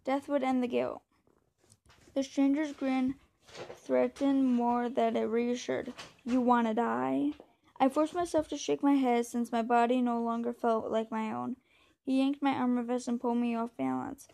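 A woman reading a novel aloud in a steady, measured way, now and then stumbling over a word. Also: on the high side, vocal fry. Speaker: reader.

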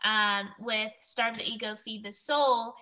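A woman hosting a casual interview, upbeat and encouraging, with lots of quick affirmations. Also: on the high side, steady tone, pushed and bright. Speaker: podcast host.

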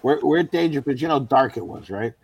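A man, a stand-up comedian, telling profane, animated anecdotes in casual chat with fellow comics. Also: mid-range voice, fast talker, slightly rough. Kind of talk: casual storytelling among comics.

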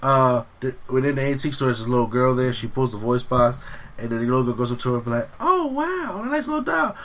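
A man's voice: mid-range voice, level tone, fast talker. A man casually retelling a film plot to friends, acting out the characters' lines as he goes. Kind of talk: casual movie recap chat.

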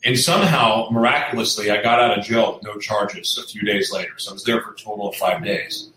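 Host, man, candid storyteller, restarts a lot; bright tone, off-mic in a roomy space. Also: fairly low pitch, brisk, distant mic, a little hiss or hum. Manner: earnest, rambling, many fillers and restarts. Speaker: show host sharing his recovery story. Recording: echoey room, voice off-mic.

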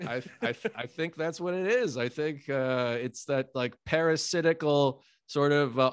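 A man's voice: mid-range voice, normal speed, hardly any pauses, clean tone, dry recording, clean studio sound. A man co-hosting a podcast in casual chat, rambling with hesitant fillers. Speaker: podcast co-host.

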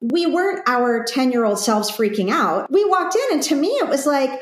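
Animated high-voiced woman, roomy sound. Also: normal speed. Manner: animated, enthusiastic. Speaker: podcast co-host. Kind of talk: casual chat. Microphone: laptop microphone.

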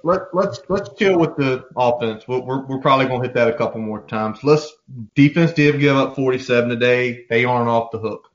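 A man co-hosting a casual sports podcast, talking in an animated, profane way and acting out quoted voices. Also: medium pitch, a little fast, lo-fi sound, a little hiss or hum. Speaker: podcast co-host.

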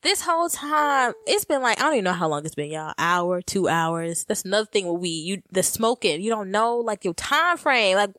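A young woman, co-hosting a podcast, telling stories in a casual, animated way and laughing often. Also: medium pitch, normal speed, few pauses, no room sound, clean studio sound. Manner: animated, laughing often, addresses listeners as y'all. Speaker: podcast co-host. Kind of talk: casual storytelling chat.

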